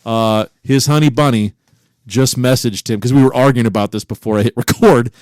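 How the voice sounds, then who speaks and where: A man co-hosting a casual podcast from a home recording room, cursing freely and breaking into loud disbelief. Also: mid-range voice, a little fast, smooth, no echo, clean studio sound. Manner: profane, incredulous, loud bursts of disbelief. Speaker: podcast co-host. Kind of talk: casual banter.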